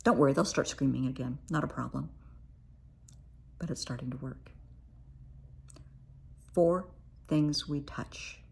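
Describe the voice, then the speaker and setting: Calm low husky woman therapist. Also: measured pace, pauses often. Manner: calm, reassuring, demonstrates with playful voices. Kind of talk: teaching coping techniques.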